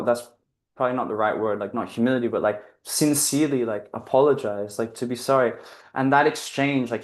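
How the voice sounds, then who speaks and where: A man giving a casual, reflective spiritual talk, telling a personal story in an earnest, rambling way, often restarting his sentences and leaning on "like". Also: mid-range voice. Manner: earnest, rambling, self-correcting, heavy use of "like". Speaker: guest speaker on spiritual living.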